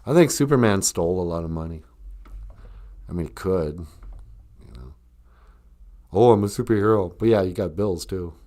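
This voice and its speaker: A man's voice: low-pitched, expressive, moderate pace, pauses often, darkish tone. A man hosting a casual live stream, reading viewer comments aloud and rambling through jokes, laughing often.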